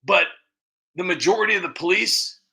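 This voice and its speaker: Gravelly, bright-voiced man ranting. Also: high-pitched, moderate pace. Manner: rambling, emphatic, repeats himself. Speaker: show host. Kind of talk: casual monologue.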